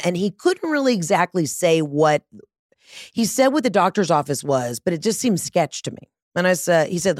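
A woman's voice: lowish voice, expressive, moderate pace, darkish tone, no room sound, clean studio sound. A woman telling a profane, dramatic story in a casual monologue, acting out both sides of phone calls. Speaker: vlogger.

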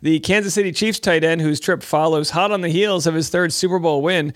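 A male talk host with a somewhat high, bright-toned voice reads out light celebrity news. He keeps cutting in with wry, mocking remarks in a loose, casual way. The sound is close and dry. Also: brisk, no room sound. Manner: wry, jokey, mocking asides. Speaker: show host. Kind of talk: casual commentary reading news articles.

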